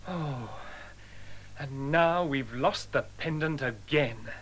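A man's voice: mid-range voice, takes it slowly, slight background noise, close to an everyday voice. An actor playing a nervous, worried young man in a radio drama for language learners. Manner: anxious, pleading.

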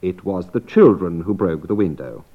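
Man, English-lesson presenter, measured explainer, lively pitch, dull vintage tape. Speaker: English teacher. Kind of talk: scripted language lesson. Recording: dull lo-fi old lesson recording.

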